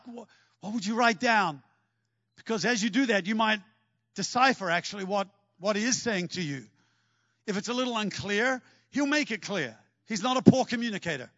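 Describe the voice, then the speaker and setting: High-voiced animated preacher. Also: male voice, moderate pace, long pauses, no echo, lo-fi sound. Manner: animated storytelling, acts out scenes. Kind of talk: sermon.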